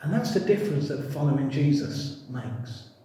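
A man preaching a sermon in a church, animated and humorous, acting out little voices as he tells the story. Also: a little high, moderate pace, slight background noise. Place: church hall. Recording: distant mic in echoey hall.

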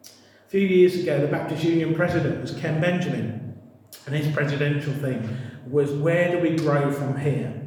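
Animated preacher in echoey church. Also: male voice, fairly high pitch. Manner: animated, acting out voices with humour. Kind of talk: sermon. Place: church hall. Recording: distant mic in echoey hall.

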